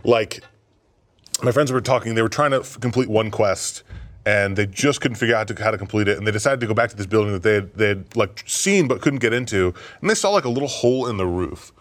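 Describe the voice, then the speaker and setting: A man's voice: on the low side, fast. Laughing, swearing young man chatting. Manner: swearing, laughing, animated storytelling. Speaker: podcast co-host. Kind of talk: casual chat.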